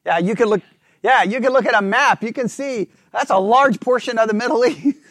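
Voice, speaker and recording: A man leading a Bible study class, reading scripture aloud slowly and checking in with the group with frequent questions. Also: very high-pitched, a bit bright, dry recording, studio quality.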